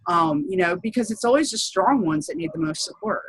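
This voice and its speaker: A woman's voice: lowish voice, lively intonation, a little fast, breathy edge, dry recording, poor audio. A woman teacher in casual chat, talking in a chatty, laughing and blunt way with frequent swearing.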